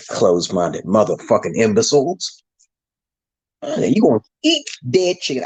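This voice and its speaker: A man's voice: fairly low pitch, wildly swooping pitch, moderate pace, long pauses, slightly rough, rough recording. A man delivering a rambling monologue to his viewers, ranting with heavy swearing and frequent restarts. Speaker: channel host.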